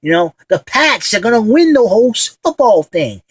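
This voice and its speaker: A man imitating his excitable, brash boss from the mall, with a drawling delivery. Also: high voice, normal speed, slightly rough, dry recording, pitched above the performer's own voice, full character voice. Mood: excited.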